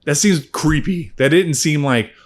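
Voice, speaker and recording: A man giving a casual spoken movie review, rambling and swearing freely with animated asides. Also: a little high, a little slow.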